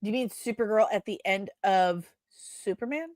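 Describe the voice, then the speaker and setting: A woman hosting a live show, reading viewer comments aloud and answering them in a chatty way with quick asides, often laughing at herself. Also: medium pitch, a little mellow, dry recording, clean studio sound. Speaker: host.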